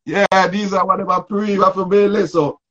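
A man's voice: sits high, flat delivery, fairly quick, fairly bright tone. A man hosting a casual interview, rambling and laid-back with lots of fillers. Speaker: host. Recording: dull lo-fi sound.

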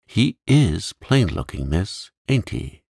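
A man voicing a timid young servant girl who speaks in a hushed, nervous, plain way. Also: fairly low pitch, very animated, takes it slowly, creaky, husky, no room sound, studio quality, exaggerated voice. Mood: nervous, eager.

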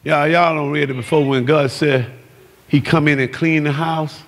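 A man preaches with a gravelly, bright edge to his fairly high voice. He shouts and works the congregation in an exuberant sermon. His words ring out in a church hall with long reverb. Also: fairly even intonation, normal speed. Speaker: pastor. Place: church sanctuary.

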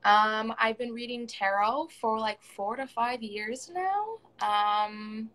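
A young woman chatting casually as a podcast guest about reading tarot, talking quickly and acting out what others said. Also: a little high, a bit bright, low-quality recording. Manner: chatty, laughs often, quotes others in quick bursts. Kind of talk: casual chat.

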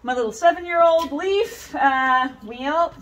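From a workshop under a tin roof, a woman in her thirties shows off her corset collection in a casual vlog. Her voice sits high and moves a little slowly, and she's chatty and animated, with self-mocking asides and laughs.

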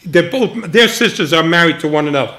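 An older retired agent tells stories in a casual interview, acting out the voices of people he quotes and laughing often as an animated storyteller. His voice is on the high side and fairly quick.

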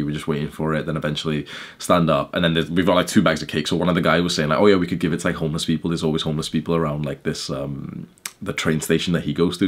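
A young man vlogging casually about his day, chatty and filled with "like" fillers and swearing. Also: a bass voice. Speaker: YouTuber. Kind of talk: casual vlog storytelling.

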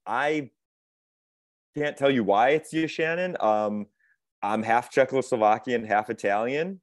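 A man's voice: medium pitch, unhurried, no echo. Guy in his 40s on a video call, chatty and self-deprecating, laughs a lot, dry close sound. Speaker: podcast guest, actor and author. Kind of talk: casual video-call chat.

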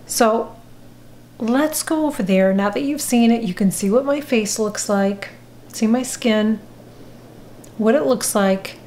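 A woman's voice: fairly high pitch, slow, long pauses, darkish tone, a little hiss or hum. An older woman giving an unscripted makeup review, chatty and rambling, correcting herself as she goes. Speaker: beauty vlogger. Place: indoor home room, rain outside. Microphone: camera mic. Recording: echoey room on camera mic.

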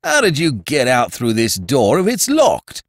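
A man voicing a stolid, severe male village constable who speaks bluntly and gruffly. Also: medium pitch, wildly swooping pitch, a little slow, no echo, studio quality, pitched above the performer's own voice, full character voice. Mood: insistent.

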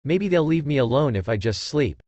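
A man's voice: medium pitch, lively intonation, moderate pace, darkish tone, no room sound, lightly acted. A man reading aloud and voicing a brash, grumpy teenage boy ninja. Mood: grumbling.

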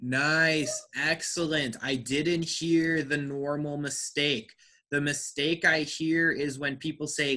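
A man teaching an online English pronunciation class, speaking slowly and carefully and praising students. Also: fairly high pitch, fairly even intonation, sharp tone. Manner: slow, careful enunciation with encouraging feedback.

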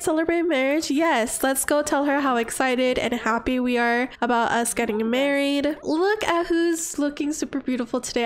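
Young woman, high-pitched, gushing and excitable game commentator. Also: moderate pace, few pauses. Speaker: gaming channel host. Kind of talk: life-sim gameplay commentary.

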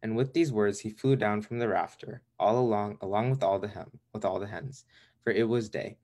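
A man reading a storybook aloud to children at a steady, measured pace, with small slips. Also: on the low side. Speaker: volunteer reader.

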